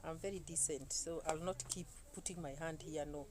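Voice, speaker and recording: A woman, telling a story to camera in an animated way, full of exclamations. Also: low voice, a little fast, low-quality recording. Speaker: YouTuber. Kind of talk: casual talk to camera. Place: indoors, seated. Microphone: phone camera.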